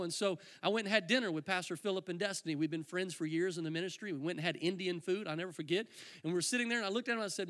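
A male preacher telling a humorous personal testimony from the pulpit, full of animated storytelling and comic asides. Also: high-pitched, rapid-fire.

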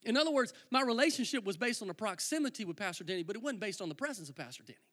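A male preacher shares a humorous testimony, full of animated storytelling and comic asides. His voice sits very high and bright, and he talks fast, piling one phrase on the next.

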